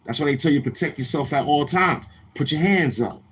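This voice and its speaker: A man hosting a casual livestream, talking in a loose, streetwise way. He says he is a little tired, and he sometimes gets loud and animated. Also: a little high, fairly quick, husky. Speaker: livestream host. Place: outdoors near a street, car noise heard.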